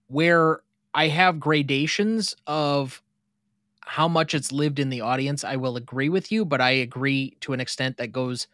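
A man's voice: mid-range voice, steady tone, unhurried, a bit bright, no room sound, clean studio sound. A man co-hosting a casual film podcast, chatting with his parents about a classic movie. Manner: reads movie quotes with playful theatrical delivery. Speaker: podcast co-host.

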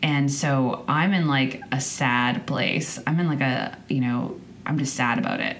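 Very low-voiced woman podcasting. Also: steady tone, unhurried, a little hiss or hum. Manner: rambling and candid, with restarts and swearing. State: choked up. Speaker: podcast host. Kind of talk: personal monologue.

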